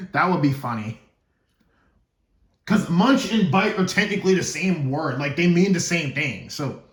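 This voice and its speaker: A man's voice: a little high, expressive, measured pace, long pauses, roomy sound. A man casually explaining the story of his own fan game series, rambling and stumbling without a script, joking to himself. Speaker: gaming YouTuber.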